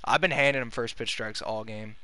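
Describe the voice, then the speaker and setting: A man's voice: medium pitch, fairly quick, bright, forceful tone, slight background noise. A young man giving casual, profane gameplay commentary as a gaming video host, venting frustration and urging on his players.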